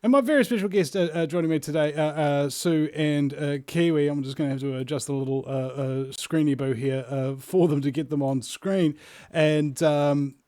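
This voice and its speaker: A man's voice: fairly high pitch, normal speed, a little mellow, no echo, studio quality. A man hosting a live-stream interview, rambling with many filler sounds. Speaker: host.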